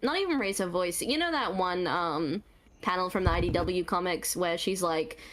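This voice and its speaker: A woman's voice: fairly low pitch, normal speed, fairly bright tone. Bubbly Australian woman, voice actor guest at a convention Q&A, laughs easily and repeats lines for emphasis. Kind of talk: convention panel Q&A.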